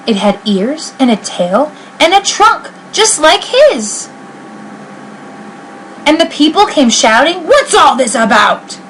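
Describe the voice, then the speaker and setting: A woman's voice: a little high, a little hiss or hum, rough recording. Woman reading a rhyming picture book. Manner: expressive, sing-song rhyming delivery. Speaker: reader. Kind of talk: reading a children's book aloud.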